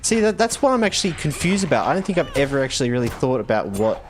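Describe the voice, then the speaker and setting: A man's voice: medium pitch, sing-song, quick pace, slight background noise. A man with an Australian accent chatting casually while streaming a game, playful and laughing often as he talks with viewers.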